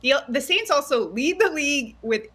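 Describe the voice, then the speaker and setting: A woman's voice: sits high, expressive, moderate pace, a bit bright. A woman football analyst on a sports radio show, giving confident, emphatic breakdowns. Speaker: NFL analyst guest.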